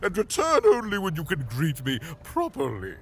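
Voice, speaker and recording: A man's voice: high voice, huge pitch swings, normal speed, exaggerated voice. An actor playing a haughty male noble in a video game, pompous and indignant about manners. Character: haughty male noble demanding proper greetings.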